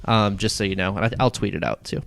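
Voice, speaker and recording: A man's voice: lowish voice, quick pace, gravelly, a bit bright, a little hiss or hum. A young man co-hosting a podcast in casual, rambling, jokey chat. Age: young adult. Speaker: podcast co-host.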